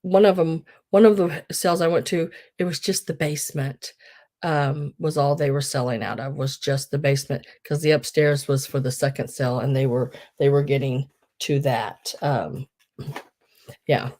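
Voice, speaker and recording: Woman, live-sale host, low warm voice, chatty and rambling. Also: normal speed. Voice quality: rambling, chatty storytelling with many fillers. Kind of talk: casual live-sale chat.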